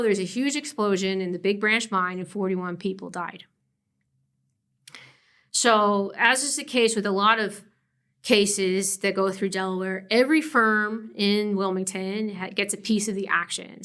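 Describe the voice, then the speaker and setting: An animated woman speaking as a law professor in a conversational interview. Her voice sits at an ordinary middle pitch, and she laughs often between thoughts. She breaks off and restarts her sentences as she thinks aloud. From family from West Virginia. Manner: animated, laughs often, frequent fillers and self-corrections.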